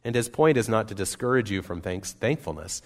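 A man preaching a sermon as pastor, earnest and emphatic, with wide swings between loud and soft. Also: fairly low pitch, lively intonation, fairly quick. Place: church sanctuary. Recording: long reverb of a church hall.

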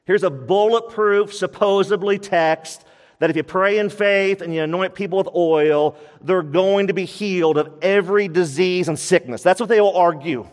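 A man's voice: high-pitched, normal speed. A man preaching a sermon as pastor of a church, emphatic and repeating his key points. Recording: long reverb of a church hall.

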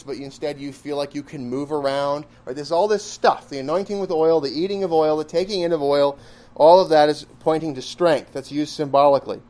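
A man teaching a classroom Bible lesson in a conversational, emphatic way, full of rhetorical questions and quick asides. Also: on the high side, a little mellow.

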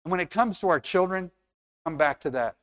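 Earnest male preacher, slightly high voice. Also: expressive, brisk, a bit bright. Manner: earnest, conversational, acts out little scenes. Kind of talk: sermon.

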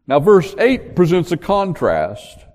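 Animated older man preaching in a reverberant hall. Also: sits high, slow pace. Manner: animated storytelling preacher, jokes with the congregation. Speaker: pastor. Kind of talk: sermon.

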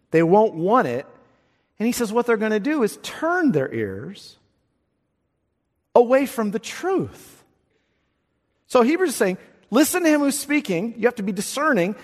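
A male pastor preaching a sermon with emphatic delivery, often repeating words as he presses a point. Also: on the high side. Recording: long hall reverb.

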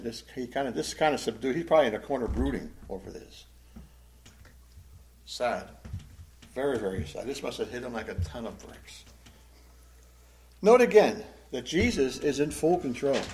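A man teaching a Bible class as a pastor, emotive, swinging between loud emphasis and hushed, sad tones. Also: mid-range voice, low-quality recording.

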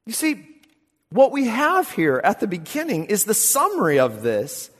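A man preaching a sermon as pastor, animated, swinging from hushed asides to emphatic declarations. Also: a little high, moderate pace, long reverb tail.

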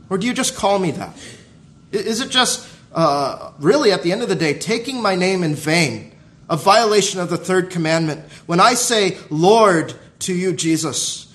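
A pastor with a notably high voice delivers a sermon. He drives each point home through repetition, building in emphasis as he addresses the congregation. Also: expressive, moderate pace, fairly bright tone. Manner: emphatic preaching with repeated phrases and rising intensity.

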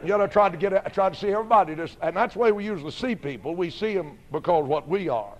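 A man's voice: high-pitched, lively intonation, fast talker. A man, a song leader and preacher giving an emphatic sermon testimony with building repetition. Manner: emphatic, repetitive, rising to fervent peaks.

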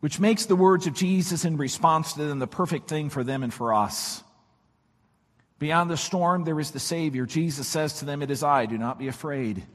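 A man preaching a sermon, his voice weak this morning, swinging from shouts to near-whispers. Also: a little high, normal speed, in a large hall. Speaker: pastor.

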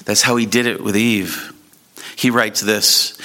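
Bright-voiced man preaching a sermon. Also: steady tone, unhurried. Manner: earnest preaching, rising in pitch at emphatic points. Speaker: pastor.

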